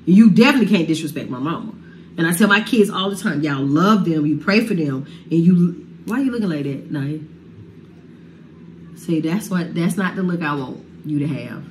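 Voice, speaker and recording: A woman with a lowish, darkish voice and lively intonation speaks at a moderate pace about a family falling-out, passionate but casual and heartfelt. She is a singer giving her account of the feud in an emotional sit-down talk, with slight background noise.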